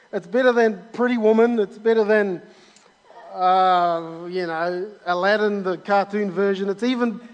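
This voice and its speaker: A man preaching a sermon in a church auditorium, enthusiastic and full of repetitions and restarts. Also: sits high. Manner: enthusiastic, repeats himself with many restarts. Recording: long hall reverb.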